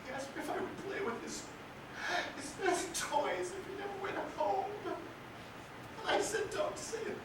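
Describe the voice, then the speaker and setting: An actor playing a grief-stricken young man mourning his little brother in a stage monologue, halting with broken repetitions that swell into shouting. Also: very high voice, background noise. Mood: tender, grieving. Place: theatre stage. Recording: echoey theatre from far off.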